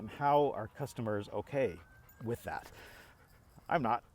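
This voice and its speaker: A man's voice: on the low side, animated, a little slow, long pauses. A middle-aged man vlogging in a casual, rambling way, exasperated and full of restarts as he acts out both sides of arguments. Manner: exasperated, rambling, lots of restarts and quoted back-and-forth. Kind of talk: casual talking-to-camera rant.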